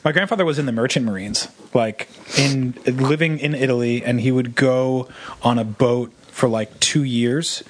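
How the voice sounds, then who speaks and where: A man's voice: mid-range voice, moderate pace. Man telling a family anecdote. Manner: animated storyteller doing family anecdotes. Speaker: podcast co-host. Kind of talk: casual comedy chat.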